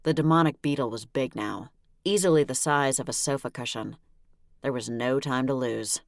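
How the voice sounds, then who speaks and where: With a very low voice at normal speed, a woman narrates a first-person audiobook, her storytelling wry and full of life. The sound is dry, clean studio quality.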